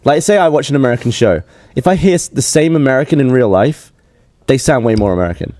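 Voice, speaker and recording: A man's voice: medium pitch, expressive, quick pace, mellow, no room sound, studio quality. A British man co-hosting a podcast, explaining things playfully in casual chat. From Britain. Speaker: podcast co-host.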